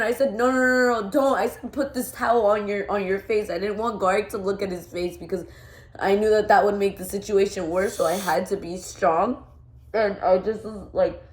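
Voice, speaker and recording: A woman's voice: mid-range voice, a little mellow. Shaken young woman in an echoey room. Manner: rambling, shaken, many fillers and restarts. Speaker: vlogger. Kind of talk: emotional storytime vlog.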